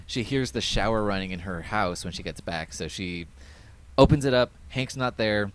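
A man hosting a podcast, casually recapping an episode in a rambling way with many fillers and quick quoted voices. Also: lowish voice. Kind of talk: casual chat.

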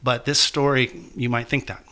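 A man being interviewed as an author, telling a painful personal story in a halting, emotional way with many restarts. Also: mid-range voice, little pitch movement, pushed and bright. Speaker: guest author.

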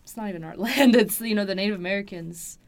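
A woman's voice: medium pitch, fast talker. A young woman born in France, talking in a casual interview, rambling with many fillers and restarts and laughing often.

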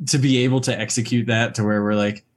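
A man's voice: medium pitch, fairly even intonation, fast talker. A man casually discussing a horror movie, hesitant and peppering his talk with fillers.

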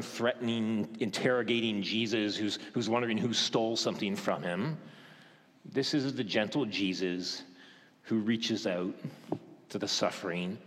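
Guy preaching a sermon, lots of questions, goes quiet and soft sometimes, long church echo. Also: lowish voice. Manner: questioning, dramatic pauses, softens to a hush for gentle moments. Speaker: pastor. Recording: reverberant church hall.

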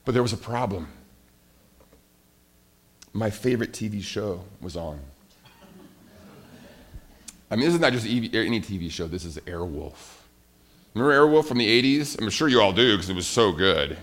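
A middle-aged male pastor delivers a sermon in a slightly low voice. He tells a story with animated energy and speaks straight to the children in the room. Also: moderate pace. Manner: animated storytelling, addresses kids directly.

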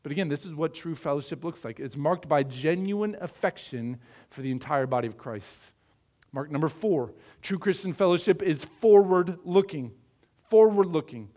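Midwest guy preaching, kinda high voice, earnest, talks to the church like a conversation. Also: expressive, normal speed, mellow, lo-fi sound. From American Midwest. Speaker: pastor. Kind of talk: sermon.

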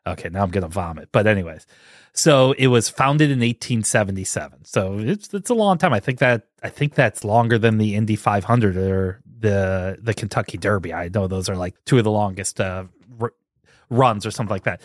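A man's voice: lowish voice, moderate pace, no room sound, studio quality. A man co-hosting a casual podcast, blunt and sarcastic, prone to ranting. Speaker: podcast co-host. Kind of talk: casual chat.

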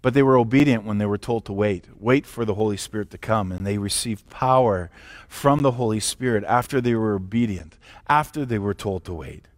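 A pastor giving a livestreamed sermon, emphatic and direct, asking the listeners rhetorical questions and sometimes restarting a word. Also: male voice, lowish voice, a little fast, no room sound, clean studio sound. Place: church or home, recorded for a live stream.

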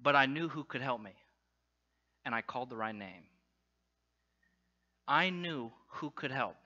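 A man addressing a congregation, telling a self-deprecating personal story with lots of fillers and animated storytelling. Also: mid-range voice, measured pace, muffled recording. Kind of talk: humorous personal story in a talk.

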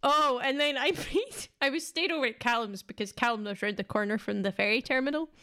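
Young Scottish female co-host, higher voice, chatty, quick to laugh. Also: sharp tone, clean tone. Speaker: podcast co-host. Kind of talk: casual storytelling chat.

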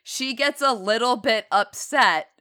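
Woman podcast cohost, bright crisp voice, sarcastic movie recap chat. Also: a little high, a little slow. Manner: sarcastic, animated retelling with laughs. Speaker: podcast co-host. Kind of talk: casual film review chat.

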